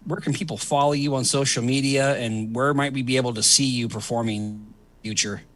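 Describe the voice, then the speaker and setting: A man's voice: mid-range voice, steady tone, a little fast, a bit bright. A middle-aged man hosting a casual comedy chat, rambling with fillers and laughing often. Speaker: host.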